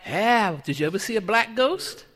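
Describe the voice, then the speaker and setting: A woman preaches in a loose, chatty way and keeps asking the congregation questions. Her voice is bright and clear, at a middle pitch for a woman. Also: animated, moderate pace. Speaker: church speaker. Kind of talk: sermon.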